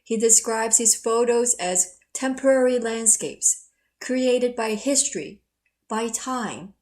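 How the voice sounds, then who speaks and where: A woman lecturer from South Korea speaks in a slow, unhurried rhythm, her voice sitting a little high. She tells her stories with an easy, self-mocking warmth between points of history. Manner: warm, storytelling, laughs at herself. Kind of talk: recorded lecture with personal stories.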